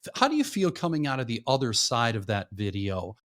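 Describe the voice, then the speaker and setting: A man's voice: mid-range voice, huge pitch swings, brisk, fairly bright tone. A man interviewing a guest, asking questions hesitantly and correcting himself mid-question.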